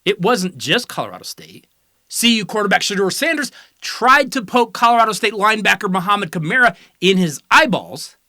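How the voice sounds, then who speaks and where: Lively, bright-voiced sarcastic sports host. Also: medium pitch, brisk, no room sound, clean studio sound. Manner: sarcastic, teasing, lecturing tone. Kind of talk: opinionated college football commentary.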